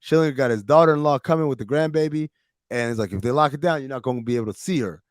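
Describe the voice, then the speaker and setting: Profane, animated male podcast host. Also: medium pitch, racing, no room sound, clean studio sound. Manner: profane, animated storytelling with quoted dialogue. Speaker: podcast host recapping a TV series. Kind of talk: casual recap chat with friends.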